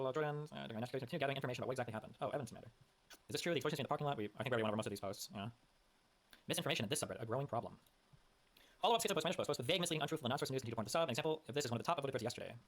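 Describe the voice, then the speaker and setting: Rapid-fire streamer man, profane and blunt. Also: medium pitch, a bit bright. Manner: rapid, profane, reading posts aloud. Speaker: streamer reacting to posts. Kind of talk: casual live-stream commentary.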